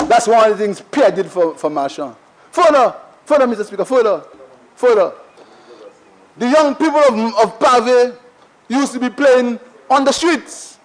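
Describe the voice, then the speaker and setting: A man's voice: very high voice, poor audio. A Saint Lucian man, a member of parliament, giving an emphatic, repetitive debate speech in a parliament chamber while he keeps addressing the Speaker.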